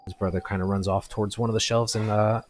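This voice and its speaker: A man with a very low voice runs a tabletop game, describing scenes in a halting way with many restarts. His delivery is loose and unscripted, and faint noise sits behind it. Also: little pitch movement. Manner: halting, full of fillers and restarts. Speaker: game master.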